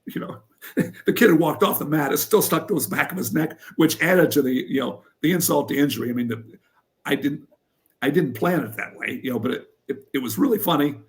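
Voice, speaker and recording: An older man from Pennsylvania, a former wrestler and coach, telling stories in an interview with lively energy. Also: a little high, fairly quick. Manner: animated storyteller who acts out what others said. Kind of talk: storytelling in an interview.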